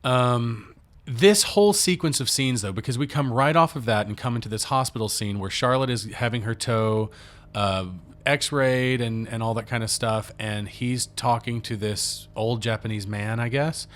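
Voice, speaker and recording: A man's voice: medium pitch, normal speed, fairly bright tone, slight background noise. A man co-hosting a podcast, talking through a film in a rambling, casual way with the odd curse. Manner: rambling, conversational, profane asides. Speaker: podcast co-host.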